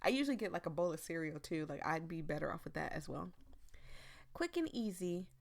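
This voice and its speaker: A woman's voice: fairly low pitch, big pitch swings, a little fast, creaky. A young woman from the United States chatting casually while playing a story game, rambling, laughing often and losing her voice. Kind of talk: casual chat while reading game text aloud.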